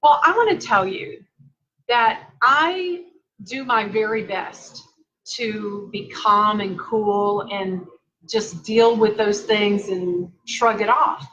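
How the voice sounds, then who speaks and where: A woman caregiver speaking earnestly and with soft emotion in a confessional vlog, seated at home. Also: a little high, dull audio. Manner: earnest, heartfelt, softly emotional. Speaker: family caregiver.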